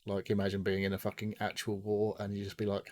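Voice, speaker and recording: A podcast co-host rambles casually about a game, swearing freely and acting out what people said. He talks fast in a fairly low, monotone, slightly mellow voice.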